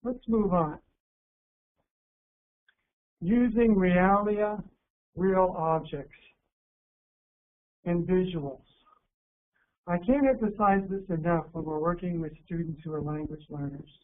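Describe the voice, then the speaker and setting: A man from the United States giving an instructional workshop talk to teachers, calm and deliberate, slowing down to stress key words. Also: sits high. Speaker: teacher educator presenting a workshop. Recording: narrow phone-like sound with faint hiss.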